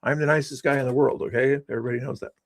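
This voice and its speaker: A man's voice: mid-range voice, steady tone, rapid-fire, no echo. A man hosting a casual livestream, rambling and teasing his guests and chat with sarcastic inflection. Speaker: livestream host.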